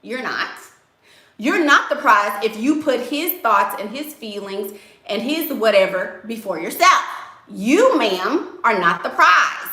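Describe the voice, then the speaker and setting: A woman's voice: a little high, animated, slow pace, sharp tone, reverberant. A woman giving blunt, sassy dating advice while answering viewers in a casual live stream. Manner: blunt, sassy, emphatic, addresses viewers as y'all.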